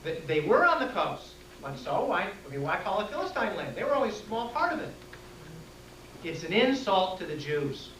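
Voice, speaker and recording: A man's voice: high-pitched, very animated, moderate pace, fairly bright tone. Lecturer, male, plain-spoken and direct, taking class questions; echoey room, distant mic. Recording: echoey room taped from afar, faint hiss.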